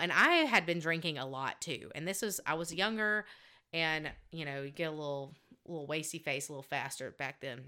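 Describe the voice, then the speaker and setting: Bright, animated young woman. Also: low-pitched. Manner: animated, laughing, acts out quotes. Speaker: podcast co-host. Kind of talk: casual storytelling chat.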